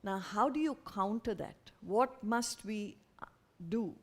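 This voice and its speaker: A woman speaks to an audience in an earnest, lively way. Her voice sits a little high, and she slips into quick imitations of parents now and then. It is a spiritual talk, delivered in a lecture hall.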